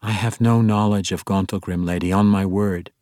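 A man's voice: on the low side, steady tone, normal speed, darkish tone, dry recording, studio quality, natural voice. A man voicing an earnest, exuberant male monk who speaks formally and courteously in an audiobook.

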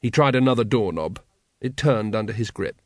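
A man narrating an audiobook in a wry, measured way. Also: on the low side, animated, no echo, clean studio sound. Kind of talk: scripted narration.

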